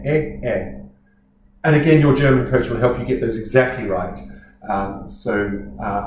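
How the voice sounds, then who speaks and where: A man's voice: medium pitch, darkish tone, reverberant, slight background noise, poor audio. A man with a New Zealand accent teaching singers German pronunciation from home, patient and explanatory, sounding out each word. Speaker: choral conductor and teacher. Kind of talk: instructional talk on choral diction.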